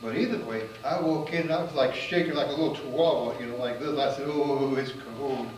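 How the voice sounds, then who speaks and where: A man's voice: on the high side, fast. Rambling storyteller man in a roomy space. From United States. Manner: rambling, full of "you know" fillers, grows animated and loud at the exciting parts. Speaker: magician and comedian telling a travel story. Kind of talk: casual spoken storytelling. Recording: roomy and distant with faint noise.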